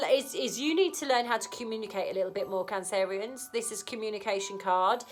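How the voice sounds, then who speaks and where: Frank, chatty woman with a cold, reading tarot over soft background music. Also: mid-range voice, brisk, few pauses. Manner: chatty, frank, keeps asking "okay?". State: has a cold. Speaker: tarot reader. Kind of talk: casual tarot reading to camera.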